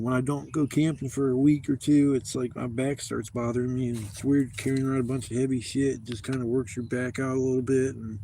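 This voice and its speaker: Gravelly man in his fifties, rambling outdoors. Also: mid-range voice, warm tone, slight background noise. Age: 50s. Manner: rambling, profane, candid. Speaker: camping vlogger. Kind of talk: casual storytelling to camera. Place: outdoors at a campsite.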